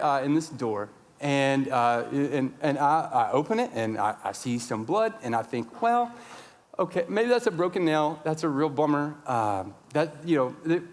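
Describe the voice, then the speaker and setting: A man in his thirties, a pastor telling a story in a sermon, acting out his own shouting. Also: on the high side. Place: large church sanctuary. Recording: long church reverb.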